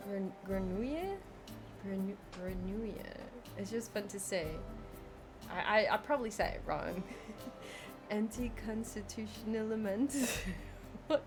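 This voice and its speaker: A woman streaming a zoo-building game live, chatting, exclaiming in frustration, laughing and thanking viewers by name. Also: mid-range voice. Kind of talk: live gameplay stream chat.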